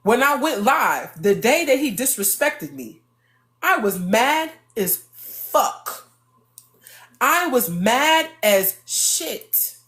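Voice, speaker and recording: A woman hosting a live stream, telling a story in casual chat with blunt, profane, animated talk. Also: high-pitched.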